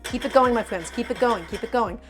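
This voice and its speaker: A woman's voice: a little high, fairly quick, over music. A woman streaming a live cooking demonstration, talking animatedly to viewers as her friends and repeating her points with emphasis. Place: home kitchen.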